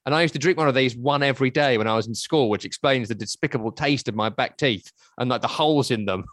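Man, 30s, podcast co-host, casual storytelling, middling pitch, dry close mic. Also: fast talker, fairly bright tone, no echo. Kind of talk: casual chat.

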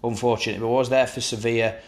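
A man's voice: medium pitch, little pitch movement, rapid-fire. A man hosting a casual football chat, with dry, teasing banter.

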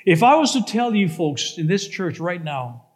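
A man's voice: high voice, sing-song, normal speed. A male pastor preaching in a church, telling a cautionary story and asking the congregation rhetorical questions. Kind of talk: sermon with storytelling.

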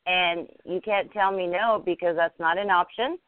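A woman podcast guest talking earnestly and upbeat about her plans, often halting and restarting. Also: lowish voice, fairly even intonation, clean tone, dry recording. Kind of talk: casual interview. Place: home. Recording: dry, phone-like line.

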